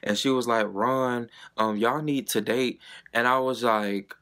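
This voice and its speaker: A man's voice: mid-range voice, fairly even intonation, measured pace, fairly bright tone. A young man, telling a personal story to camera in a chatty, dramatic way with plenty of swearing. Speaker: vlogger. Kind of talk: casual storytime monologue.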